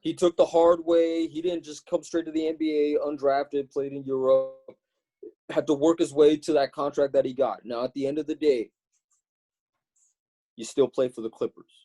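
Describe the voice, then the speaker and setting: A man's voice: a little high, little pitch movement, moderate pace, warm tone. A young man from Los Angeles co-hosting a comedy podcast, lecturing emphatically in casual chat. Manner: lecturing, emphatic, tag questions. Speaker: podcast co-host.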